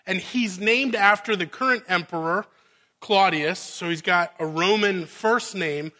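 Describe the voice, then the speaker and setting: A man's voice: high-pitched, measured pace, sharp tone. A male pastor preaching a conversational sermon, often checking in with his listeners and acting out the scene he is telling. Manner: conversational, asks the audience "right?" often, dramatizes the scene.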